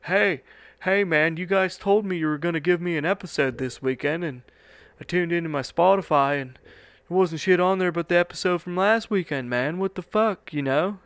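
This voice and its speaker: A man's voice: fairly high pitch, normal speed, fairly bright tone, no echo, pitched above the performer's own voice. A man voicing an irate young male fan who rants and curses about a missing episode. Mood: annoyed ranting. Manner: profane, whiny ranting.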